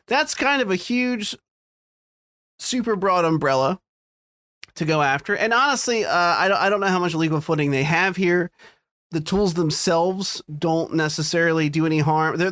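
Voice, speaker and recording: Casually chatting on a podcast he co-hosts, a man jokes, rambles and cuts himself off as he covers TV and game news. He sounds youthful, with a fairly high, fairly bright voice and no echo.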